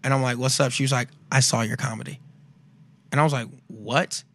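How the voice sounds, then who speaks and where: Fast-talking animated male storyteller. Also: medium pitch. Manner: animated storyteller, acts out family dialogue with swearing. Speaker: comedian guest. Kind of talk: casual podcast chat. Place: podcast studio.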